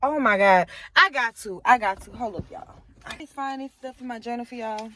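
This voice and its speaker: A young woman with a slightly high voice and a fairly bright tone speaks at a moderate pace. Vlogging from inside her car, she chats casually to the camera, talking directly to her viewers and being openly emotional.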